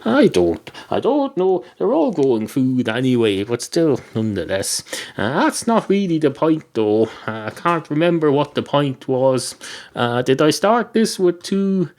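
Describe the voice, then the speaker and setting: A man's voice: fairly high pitch, very animated, unhurried, darkish tone. A man hosting a podcast, talking in a meandering, wry comic monologue that keeps losing its thread. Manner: meandering, self-interrupting, wry. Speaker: podcast host.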